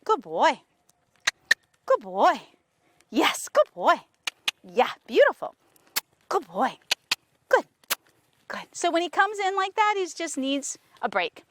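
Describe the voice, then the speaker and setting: A woman horse trainer talking casually to viewers while working a horse, coaxing it with soft praise and explaining with enthusiasm. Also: very high voice, very animated, slow, long pauses, noisy background. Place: outdoors with a horse.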